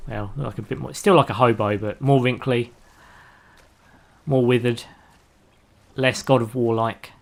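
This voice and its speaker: A man's voice: medium pitch, fairly even intonation, a little slow, gravelly, pauses often. A man giving casual live-stream commentary while playing a video game, rambling and chatty as he talks to his viewers. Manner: laughs easily at his own jokes.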